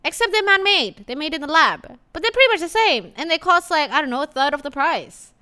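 A woman's voice: high voice, lively intonation, a little fast, sharp tone. A woman co-hosting a podcast in casual, profane chat, loose and full of fillers and laughs. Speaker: podcast co-host.

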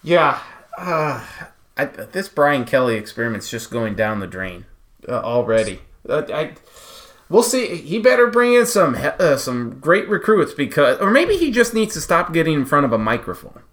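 A man co-hosting a sports podcast, giving firm opinions, agreeing quickly and steering the talk along. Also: on the high side, very animated, fairly bright tone. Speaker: podcast co-host. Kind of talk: casual sports chat.

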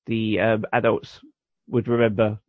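A man's voice: lowish voice, flat delivery, a little slow, no room sound. Man explaining, dull dry recording. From United Kingdom. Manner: rambling, enthusiastic explaining. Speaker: podcast co-host. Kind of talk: casual chat.

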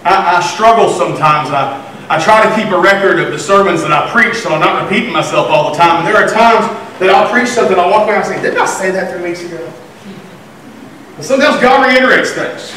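Pastor, male, high voice, lively storyteller, picked up at a distance in a reverberant sanctuary. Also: quick pace, a little hiss or hum. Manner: animated storytelling, acting out voices. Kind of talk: sermon. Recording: echoey room from far off.

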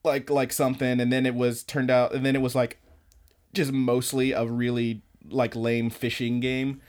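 A man's voice: medium pitch, flat delivery, normal speed, darkish tone. A man co-hosting an anime podcast, telling rambling stories in casual chat, swearing often and acting out what people said. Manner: rambling storyteller, swears a lot, acts out quotes. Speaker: podcast co-host.

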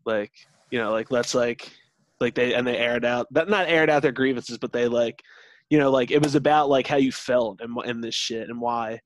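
A young man in casual podcast chat, talking in a middle-pitched voice that wanders through loose, earnest sentences. He leans on filler words constantly. The sound is dry and close, with no room around it. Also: normal speed, no echo. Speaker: podcast co-host.

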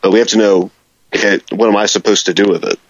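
A man's voice: lowish voice, steady tone, quick pace, no room sound, lo-fi sound. A man co-hosting a casual talk about faith, repeating words as he builds his point. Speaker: co-host. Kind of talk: casual theological discussion.

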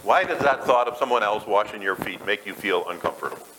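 Male pastor, lively up-and-down delivery, relaxed conversational sermon, noisy live church recording. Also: on the low side, brisk. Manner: conversational, asks the congregation questions.

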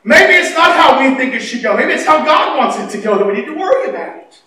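High-voiced pastor in echoey church. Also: male voice, very animated, brisk. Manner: storytelling, acts out dialogue, swings between loud and hushed. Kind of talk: sermon. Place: church sanctuary. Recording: echoey church hall, mic at a distance, faint noise.

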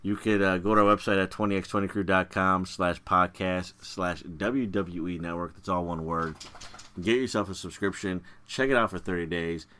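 A man's voice: deep voice, steady tone, normal speed, sharp tone. A man co-hosting a podcast in casual chat, easygoing as he plugs an upcoming event and a web address. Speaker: podcast co-host. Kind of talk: casual chat with a promo plug.

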